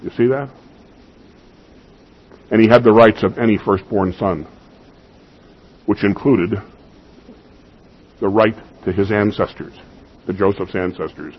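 A male pastor delivers an expository sermon, teaching with emphasis on key points and posing rhetorical questions to his congregation. His voice is lowish and a little slow, with frequent pauses and a breathy edge. The audio sounds dull.

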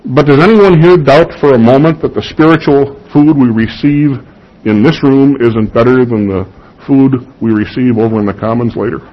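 A man's voice: medium pitch, moderate pace, highs cut off. A man preaching a sermon to his congregation in a church, building to emphatic peaks and asking the listeners questions. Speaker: pastor. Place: church sanctuary.

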